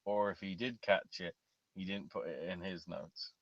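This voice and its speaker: A man's voice: low voice, steady tone, moderate pace, a bit bright, dry recording, highs cut off. A man co-hosting a podcast in casual chat, making crude jokes and trailing off. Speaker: podcast co-host.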